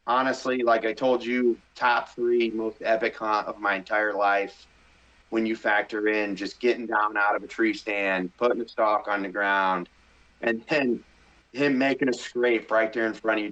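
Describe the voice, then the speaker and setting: Man, middle-aged, casual storytelling, animated, slightly muffled podcast sound. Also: on the low side, measured pace. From Midwest US. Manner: animated, excitable storyteller, acts out his own thoughts. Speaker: hunting show host, podcast guest. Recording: slightly dull podcast audio.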